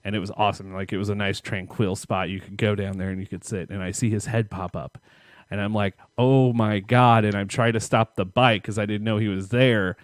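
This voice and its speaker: A man's voice: on the low side, flat delivery, brisk, no room sound, studio quality. A man co-hosting a podcast, telling a long, profane childhood story in a rambling way and laughing at himself. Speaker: podcast co-host. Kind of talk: casual storytelling chat.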